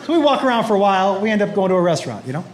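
A middle-aged man doing stand-up comedy in a club, telling a story and acting out the people in it in quick voices. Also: high-pitched, a faint crowd, slight background noise. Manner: animated, acts out his son and others in quick voices. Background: audience laughter.

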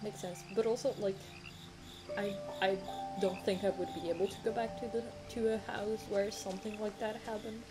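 A woman's voice: medium pitch, fairly even intonation, moderate pace. Chatty young woman streaming a game. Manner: chatty, effusive, apologetic, swears casually. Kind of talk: casual let's-play commentary. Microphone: desk mic. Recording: game music behind the voice. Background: game music.

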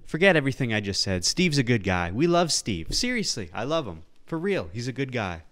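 A man's voice: mid-range voice, big pitch swings, fairly quick, a bit bright, a little hiss or hum. A man hosting a solo podcast, talking casually over clips, sarcastic and rambling, with playful mock-earnest asides. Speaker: podcast host.

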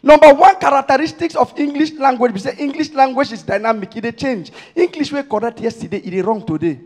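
High-voiced nigerian comedian guy on stage, warri pidgin, chatty and gets loud on punchlines. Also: fast talker. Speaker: stand-up comedian. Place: stage before a live audience.

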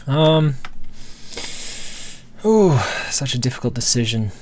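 A man's voice: medium pitch, big pitch swings, slow pace, a little mellow, a little hiss or hum. A man giving casual let's play commentary, thinking aloud as he builds and rambling with many fillers. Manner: casual, self-talking while building. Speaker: gameplay host.

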